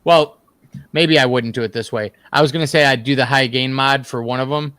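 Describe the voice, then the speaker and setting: A man's voice: mid-range voice, fairly even intonation, brisk, fairly bright tone, smooth, no echo, clean studio sound. A man who plays guitar in a band, a guest in a casual gear chat who tells rambling, easygoing stories. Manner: easygoing, rambling storyteller with fillers.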